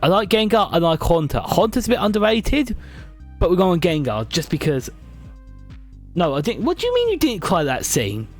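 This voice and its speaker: A man's voice: high voice, wildly swooping pitch, moderate pace, soft background music. A British man streaming live, chatting and joking with his viewers as he ranks favourites on a tier list. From Britain. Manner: chatty, jokey, reads and answers chat.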